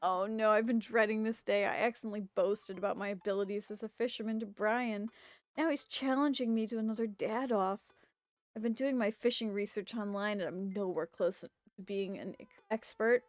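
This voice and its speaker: A woman streaming a game, chatting casually and reading the story aloud in a lively, talkative way. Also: mid-range voice, moderate pace, no echo, faint music behind. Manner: chatty, animated, talks to her pets.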